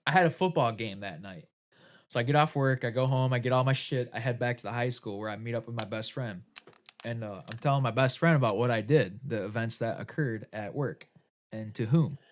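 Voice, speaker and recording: A man's voice: mid-range voice, brisk, slight background noise. Young man, podcast co-host, crude storyteller who swears and laughs, does voices for others. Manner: profane, laughing, acts out voices in stories.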